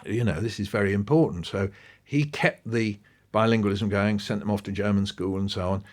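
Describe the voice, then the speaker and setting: A man appears as a guest on a podcast, narrating stories animatedly with a pitch that keeps going up and down, at a brisk pace.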